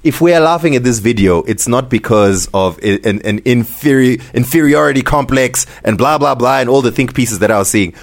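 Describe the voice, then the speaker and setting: A man from Zimbabwe co-hosting a podcast, ranting in a casual, animated way and laughing often. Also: mid-range voice, brisk, hardly any pauses. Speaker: podcast co-host.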